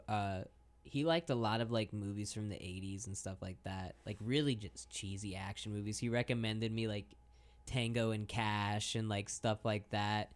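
A young man co-hosting a casual college radio show, telling stories in a laid-back way with many fillers. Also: on the low side.

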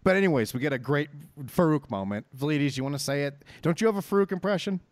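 A man's voice: on the high side, lively intonation, fast talker, dry recording. A man hosting a podcast in casual chat, riffing with a profane, mock-hyped manner. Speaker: podcast host.

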